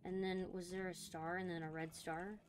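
A woman's voice: on the low side, flat delivery, normal speed, slight background noise. A young woman streamer playing a scary game, talking to herself in a jittery way and swearing often. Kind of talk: let's play commentary.

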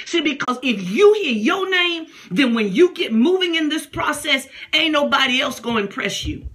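A woman preaching a sermon with fervent intensity, mixing folksy asides with bursts of praying in tongues and raised, shouted lines. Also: sits high, expressive, normal speed, few pauses.

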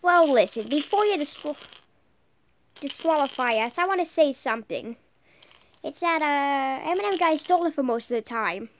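A woman's voice: high-pitched, expressive, moderate pace, slight background noise. A woman voicing squabbling contestants in an amateur cartoon, with a petulant, bickering delivery.

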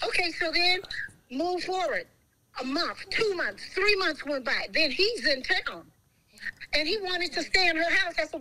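A middle-aged woman calling in by speakerphone as the guest's mother, telling a story in a blunt, animated way and cursing freely. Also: extremely high pitch, a little slow, poor audio. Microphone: phone on speaker.

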